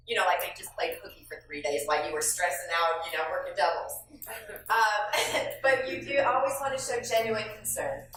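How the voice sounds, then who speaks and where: A woman runs a classroom training for new staff, sassy and playful in tone. Her voice sits a little high, and she is recorded from a distance. The room rings with strong echo and faint background noise. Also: fairly bright tone. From Southern United States. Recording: echoey room, speaker far from mic.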